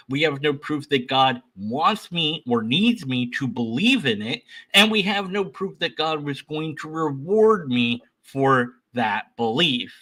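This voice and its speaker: Rambling male commentator with a bright voice, loose and conversational. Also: mid-range voice, rough recording. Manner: rambling, many restarts and asides. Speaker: reaction commentator. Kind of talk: casual reaction commentary.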